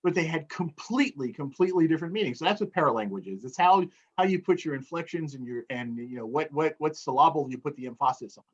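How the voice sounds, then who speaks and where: A man's voice: fairly high pitch, animated, quick pace, hardly any pauses, slightly rough, lo-fi sound. A man who is a motivational speaker, chatting in an interview and acting out tones of voice to explain a point. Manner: demonstrates tone by acting out phrases. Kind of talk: casual interview chat.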